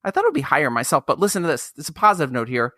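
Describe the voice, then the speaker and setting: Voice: medium pitch, huge pitch swings, rapid-fire, a bit bright, dry recording, studio quality. A host from Long Island, reading an upbeat intro and then chatting with a guest. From Long Island, New York. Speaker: podcast host. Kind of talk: scripted intro then casual interview.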